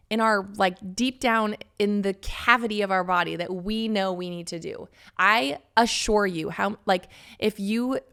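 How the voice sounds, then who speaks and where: A woman's voice: mid-range voice, a bit bright, clean tone. A woman in her thirties hosting a solo podcast, talking candidly and casually with the odd swear word. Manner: candid, chatty, swears casually, acts out quoted friends. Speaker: podcast host.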